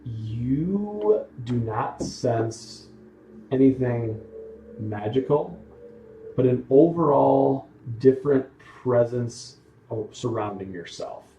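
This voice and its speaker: A man's voice: medium pitch, expressive, takes it slowly, warm tone, a little hiss or hum. A man running a tabletop game as dungeon master, describing scenes at an easy pace and calling for dice checks. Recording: roomy sound from a distant mic.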